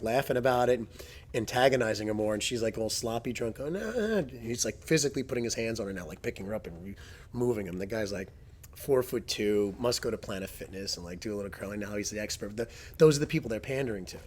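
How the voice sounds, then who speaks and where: A man hosting a casual chat as a jiu-jitsu coach, telling stories with plenty of swearing and loud impressions of people. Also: medium pitch, fast talker. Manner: profane, storytelling, imitates people loudly.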